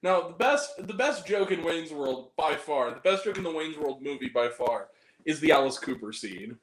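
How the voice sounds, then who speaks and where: A man's voice: a little high, expressive, normal speed. A man hosting a casual chat, joking crudely and laughing often. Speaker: podcast host. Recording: roomy echo.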